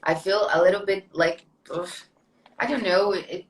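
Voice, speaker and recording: A woman's voice: medium pitch, moderate pace. A Brazilian woman, Portuguese native, hosting a live stream on a phone call, laughing easily, with a Brazilian accent. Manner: laughing, friendly, loose English. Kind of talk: casual live-stream chat.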